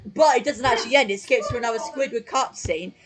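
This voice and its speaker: A man's voice: very high-pitched, fast talker, crowd noise, low-quality recording. A male host giving casual live-stream commentary from home on his desk mic, rambling with lots of fillers and self-corrections. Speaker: channel host.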